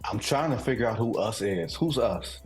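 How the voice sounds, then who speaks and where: A man's voice: on the low side, expressive, moderate pace, soft background music. A man from Detroit co-hosting a casual sports talk show, emphatic and guarded, repeating short phrases. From Detroit, United States. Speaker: co-host.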